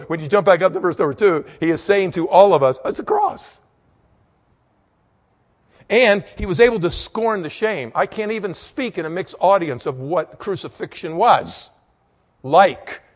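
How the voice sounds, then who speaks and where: Dynamic preacher, loud peaks and hushed lows. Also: male voice, in a large hall. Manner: dynamic, swings from loud emphatic peaks to quiet low storytelling. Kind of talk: sermon.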